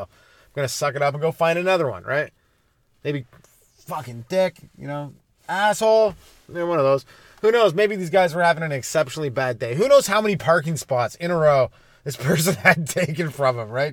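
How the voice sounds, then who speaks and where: A man's voice: mid-range voice, no room sound. A young Canadian man hosting a comedy podcast, telling a rambling, profane story with a casual, joking delivery. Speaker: podcast host, stand-up comic.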